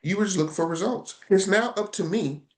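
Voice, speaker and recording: A man on a podcast as a guest, speaking frankly and telling lively stories, often repeating himself to drive a point home. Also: high voice, brisk. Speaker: guest, consulting founder. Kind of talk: casual podcast conversation.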